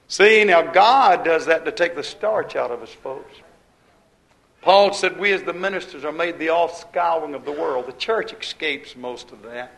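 A man preaching a sermon in a rhythmic, repetitive style, swinging between loud emphasis and quiet asides. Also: sits high, creaky, low-quality recording.

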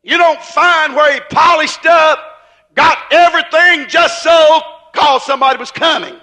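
A man preaching. His tone is bright and forceful, and he tells the story in a folksy way, pushing up to shouts. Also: very high voice, a little slow. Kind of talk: sermon.

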